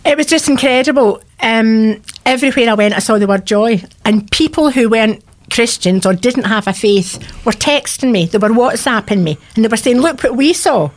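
A woman's voice: fairly high pitch, moderate pace. Woman, 60s, radio guest, earnest heartfelt storyteller, voice prone to cracking. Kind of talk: radio interview, personal testimony.

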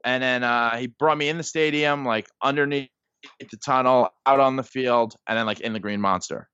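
Steady in tone and moderate in pace, his medium-pitched voice is sharp, clear, and resonant, with no room sound. A man in his thirties guesting on a podcast, he tells casual, rambling stories heavy with "like" and "um," and the audio is dull and lo-fi.

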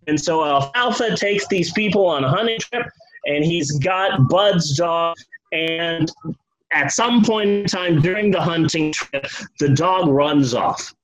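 A man's voice: a little high, a little slow, a bit bright, rough recording. A man casually telling a comic history story, loose and profane, slipping into the voices of the people in it.

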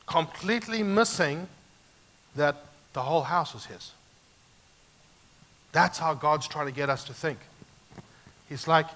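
A male pastor delivers a sermon with a bright, forceful tone in a slightly raised register. His delivery is animated, swinging between loud emphatic points and quiet, hushed asides. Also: on the high side.

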